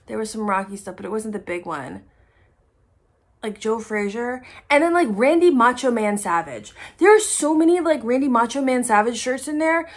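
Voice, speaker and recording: Woman, chatty haul vlogger; slightly high voice, gushing and casual, swears freely. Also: animated, normal speed. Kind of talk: casual chat to camera.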